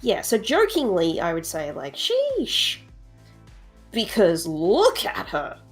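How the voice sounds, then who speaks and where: A woman's voice: on the low side, sing-song, a little slow, darkish tone, faint music behind. A woman chatting casually as a stream guest, thoughtful and drawing out her phrases. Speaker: co-host guest.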